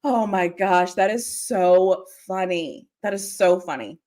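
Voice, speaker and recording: A woman's voice: lowish voice, takes it slowly. A young adult woman hosting a casual livestream, chatting with her viewers and laughing often. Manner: giggly, animated, laughs often. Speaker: livestream host. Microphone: desk mic.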